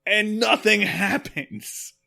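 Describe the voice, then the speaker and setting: A man co-hosting a podcast, recapping an old episode in animated, joking storytelling. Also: high voice, slow pace, creaky. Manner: animated storytelling with acted quotes and laughs. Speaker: podcast co-host. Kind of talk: casual chat recapping an episode.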